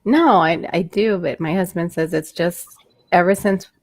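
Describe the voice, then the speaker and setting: A woman hosting a late-night livestream, chatty, getting louder when she gets excited. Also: lowish voice, a little slow, dry recording. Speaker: livestream host. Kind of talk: casual chat.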